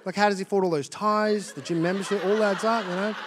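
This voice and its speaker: High-voiced stand-up comedian. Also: male voice, fast, noisy background. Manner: animated storytelling, wry. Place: live theatre stage.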